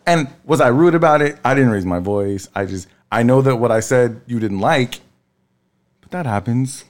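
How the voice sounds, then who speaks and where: Man, thirties, casual chat, storytelling, swears a lot, tired, mid pitch. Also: moderate pace. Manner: animated storyteller, swears freely, jumps high when quoting. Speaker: podcast co-host.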